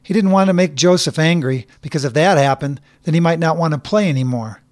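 A man reading a short story aloud in a measured, even storytelling manner. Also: on the high side, no room sound, clean studio sound. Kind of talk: scripted narration.

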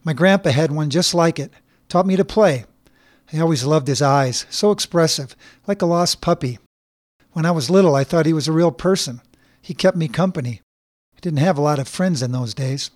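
A kind grown woman voiced by a man who speaks gently and frankly in an easy, conversational way. The pitch sits a little high. The recording is dry. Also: moderate pace, no echo, close to an everyday voice. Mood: gentle.

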